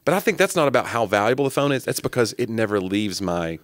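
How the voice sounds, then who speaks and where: A man co-hosting a podcast, telling animated, jokey stories in casual chat. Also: fairly low pitch, fast, no room sound, clean studio sound. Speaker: podcast co-host.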